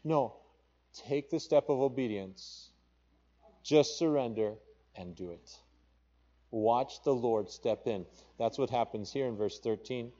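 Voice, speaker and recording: A male pastor with a Papua New Guinean accent preaches and reads scripture in King James wording, his emphasis rising as he goes. His mid-range voice is warm and slow with frequent pauses, and the recording's highs are cut off.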